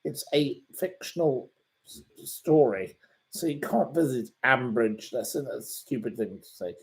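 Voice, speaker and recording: Reading out viewers' comments on a relaxed livestream, this Derbyshire man from England rambles through his answers with dry put-downs. He speaks in a mid-range voice at a measured pace.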